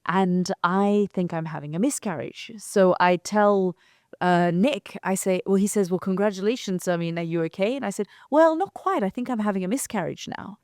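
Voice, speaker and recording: A London journalist co-hosting a conversation show recounts a reporting trip, vividly acting out the lines of the people she met. Her medium-pitched voice is darkish, clear and resonant, at normal speed with no echo.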